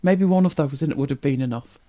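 A streamer from northern England, with a softened northern accent, chats casually with viewers while reacting to videos. He muses aloud and laughs often, speaking in a mid-range voice at a quick pace.

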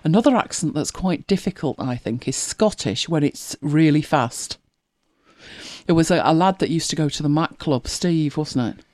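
A woman's voice: low voice, expressive, moderate pace, darkish tone, no echo, clean studio sound. A woman, co-hosting a casual chat and telling stories with laughing asides. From northern England. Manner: chatty storytelling, lots of laughing asides. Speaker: co-host.

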